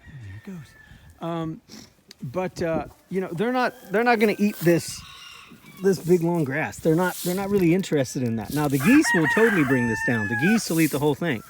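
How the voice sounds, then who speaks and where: Brief: rambling farmer guy, higher pitched and very animated, outdoor recording with a lot of background noise. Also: normal speed. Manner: chatty, talks affectionately to his chickens. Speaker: farmer and video host. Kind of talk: casual walk-and-talk vlog. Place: outdoors in a pasture. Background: chickens clucking and roosters crowing.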